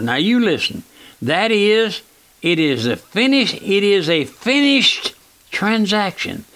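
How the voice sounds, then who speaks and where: Bright-voiced folksy man preaching. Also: sits high, no room sound. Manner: earnest, keeps calling out "my friend", slows down to read scripture; folksy, plain-spoken. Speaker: pastor and radio preacher. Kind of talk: sermon. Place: church auditorium.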